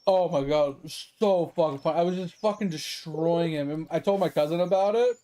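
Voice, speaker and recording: This man's voice leans high and dark in tone, and he moves at a moderate pace. He's streaming games and spinning a long, meandering tale from his childhood, laughing and cursing throughout in casual game-stream storytelling.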